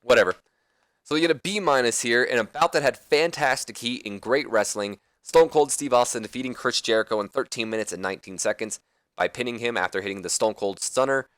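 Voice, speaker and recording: A man's voice: medium pitch, a little fast, fairly bright tone, no echo. A man casually commenting on his wrestling management game, rambling and correcting himself as he goes. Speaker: let's play host.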